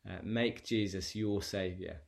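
A man preaching a sermon as pastor, earnest and conversational, often pausing with fillers and restarting phrases. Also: low voice, fairly even intonation, vocal fry.

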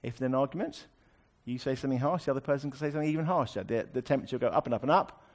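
A man's voice: medium pitch, very fast. A man preaching a sermon, explaining a scripture passage in a conversational way with wry asides.

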